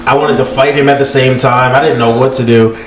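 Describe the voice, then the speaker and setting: A man's voice: mid-range voice, steady tone, a little fast, a crowd in the background. Casual podcast co-host man, echoey. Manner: swearing, blunt reactions. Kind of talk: casual chat.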